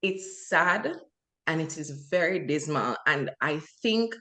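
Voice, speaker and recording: A woman's voice: deep voice, animated, slow, a bit bright. Woman, young adult, earnest, impassioned, casual podcast chat, filler words. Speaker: podcast co-host.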